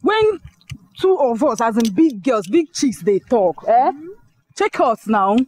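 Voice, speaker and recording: A bold, bossy young village girl with a Nigerian Pidgin accent. She talks high and lively and spoils for a quarrel. It is a Nigerian film scene. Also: slow, exaggerated voice. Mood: quarrelsome.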